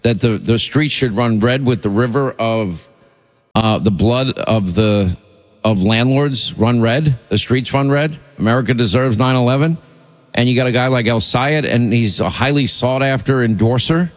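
A man's voice: medium pitch, moderate pace. Male talk radio host, indignant and emphatic, voice carries a lingering reverb.

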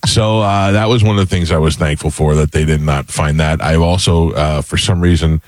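A man telling relaxed stories in a casual radio chat, laughing often. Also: rumbling low, a little fast, no echo. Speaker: podcast co-host.

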